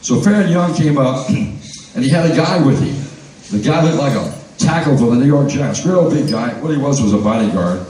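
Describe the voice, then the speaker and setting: A man's voice: medium pitch, expressive, moderate pace, darkish tone. Older man telling stories in an echoey hall. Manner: rambling, keeps clearing his throat. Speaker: guest storyteller at a fan reunion. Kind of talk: anecdotal storytelling to a live audience. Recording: echoey hall from far off, faint noise.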